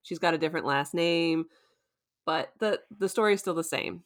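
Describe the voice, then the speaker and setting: A woman's voice: low-pitched, moderate pace. A woman hosting a casual podcast, chatty and laughing often as she recaps a show and acts out quotes. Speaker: podcast host.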